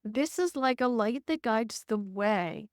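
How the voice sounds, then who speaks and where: A woman author reading her memoir in a measured, gentle way, then talking casually with frequent fillers. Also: fairly high pitch, animated, no echo, studio quality.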